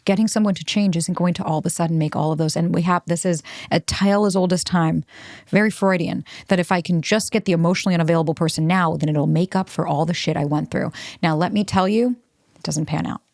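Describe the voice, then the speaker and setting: A woman's voice: fairly low pitch, steady tone, fast, a little mellow, no echo, studio quality. A woman hosting a self-help podcast, talking bluntly with plenty of swearing and acting out the voices of the people she quotes. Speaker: podcast host.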